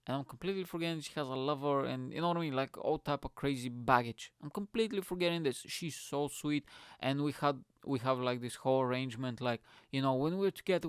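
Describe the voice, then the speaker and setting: A man's voice: medium pitch, clear, resonant tone, no room sound, studio quality. A young man who hosts a podcast, telling a story in a casual ranting way, swearing a lot and laughing at himself. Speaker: podcast host.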